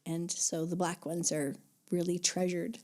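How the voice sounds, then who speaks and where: Easygoing, lower-voiced woman guest. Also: little pitch movement, a little slow, a little mellow. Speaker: guest artist and art teacher. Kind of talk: casual chat.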